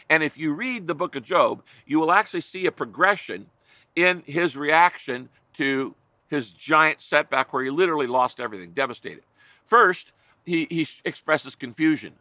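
A man's voice: on the high side, expressive, normal speed, bright, forceful tone, no room sound. A man pastor preaching a sermon, emphatic, driving home points with repeated lists.

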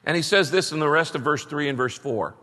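A man's voice: a little high, a little fast, pushed and bright. A man preaching a sermon as a pastor, emphatic, with bursts of rising energy. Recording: long reverb of a large hall.

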